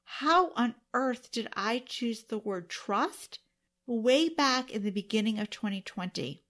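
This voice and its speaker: Alone on her podcast, a woman with a slightly high, expressive, fairly bright voice speaks slowly to her audience. Her monologue is heartfelt and emotional, at times close to tears.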